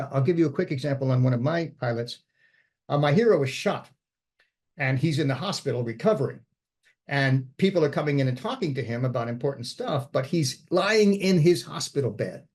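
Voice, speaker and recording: A man's voice: fairly high pitch, darkish tone. A man giving an informal screenwriting workshop talk, conversational and thinking aloud as he goes. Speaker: screenwriting instructor.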